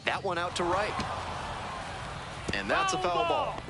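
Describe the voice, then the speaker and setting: A man calling baseball play-by-play in a smooth, polished broadcast manner. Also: high-pitched, sing-song, unhurried, a crowd in the background. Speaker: play-by-play announcer. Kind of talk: baseball commentary. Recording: game audio under loud ballpark noise.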